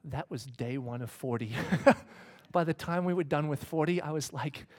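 A middle-aged male pastor delivering a sermon in a fairly high voice. He tells stories with drama and swings from hushed, breathy whispers up to full shouts. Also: moderate pace.

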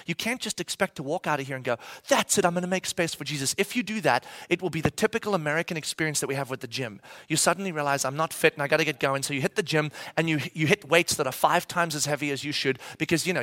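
Bright-voiced man in his thirties preaching. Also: a little high, no echo, clean studio sound. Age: 30s. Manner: animated, acts out voices of his kids. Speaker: pastor. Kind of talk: sermon with storytelling.

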